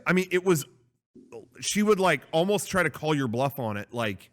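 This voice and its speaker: Man, casual podcast co-host, lively rising and falling voice, rambling. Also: a little high, normal speed. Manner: rambling with fillers and restarts. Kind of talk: casual chat.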